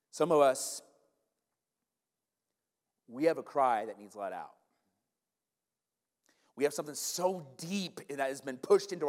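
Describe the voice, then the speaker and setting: A man preaching a sermon in a church, animated and emphatic, often turning to the congregation with asides. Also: medium pitch. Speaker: pastor. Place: church sanctuary. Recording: long church-hall reverb.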